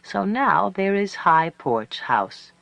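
A storyteller reading a story aloud in a measured way, slowing down for emphasis. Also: medium pitch, big pitch swings, vocal fry, fairly bright tone, no echo, rough recording. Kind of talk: scripted narration of a story.

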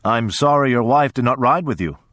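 A man's voice: mid-range voice, lively intonation, a little fast, fairly bright tone, no room sound, studio quality, lightly acted. A male narrator voicing a proud, tense farmer father who answers curtly and stiffly in an audiobook reading. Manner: curt and stiff. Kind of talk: audiobook character voice.

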